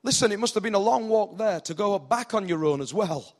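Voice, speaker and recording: A pastor with a northern English accent and a high voice preaches an animated sermon at a moderate pace. He acts out the people in the story with rising intensity.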